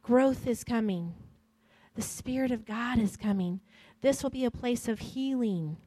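A woman pastor preaching and leading prayer, slow and emphatic, often hushed and prayerful. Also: on the high side, no room sound. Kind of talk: sermon and altar prayer.

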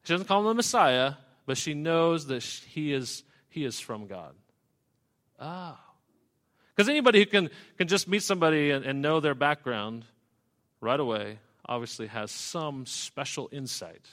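A man's voice: a little high, animated, normal speed, a bit bright. A man preaching a sermon, walking through a scripture passage verse by verse and adding conversational asides. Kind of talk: expository sermon.

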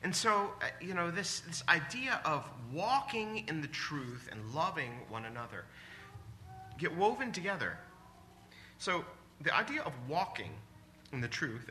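A man in his forties preaching a sermon in a church, animated and exclamatory, often laughing. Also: fairly high pitch, normal speed, slight background noise. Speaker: pastor. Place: church sanctuary.

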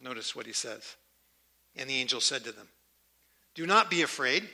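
Bright-voiced emphatic male preacher. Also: sits high, lively intonation. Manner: emphatic, repeats key words with slow deliberate stresses. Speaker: pastor. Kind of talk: sermon.

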